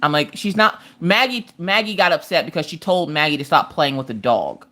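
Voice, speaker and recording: A woman's voice: low voice, brisk. A woman in her thirties hosting a casual livestream, telling family stories with frequent laughter. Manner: animated, laughs often while telling stories. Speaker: livestream host. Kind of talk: casual storytelling chat.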